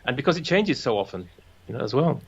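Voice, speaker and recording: A man's voice: medium pitch, sing-song, fast, breathy edge, muffled recording. A man chatting casually about language and slang, playfully acting out quoted voices.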